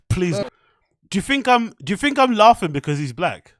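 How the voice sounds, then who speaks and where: A man's voice: high-pitched, big pitch swings, normal speed, no echo, clean studio sound. A young man talking loosely to his live stream chat, laughing often and swearing casually.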